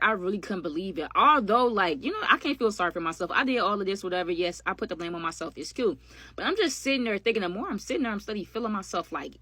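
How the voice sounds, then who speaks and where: A woman's voice: mid-range voice, pushed and bright, no echo. A woman telling a storytime tale to her viewers in a chatty, slangy way, calling them y'all, with dry sarcastic asides. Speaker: storytime vlogger. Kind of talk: casual storytime narration.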